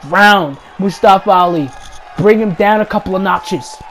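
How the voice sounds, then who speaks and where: A man calling play-by-play wrestling commentary over gameplay, excitable, shouting the big moves and repeating each call. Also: high voice, measured pace, poor audio. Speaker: YouTube gaming channel host.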